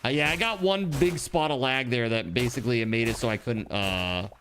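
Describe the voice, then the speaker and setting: A man streams a game live, talking straight to his chat in a loose, rambling way. He trails off and restarts his sentences as he thinks out loud. His voice sits at an ordinary middle pitch, with a faint noise underneath. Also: brisk. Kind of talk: casual live-stream chat while gaming.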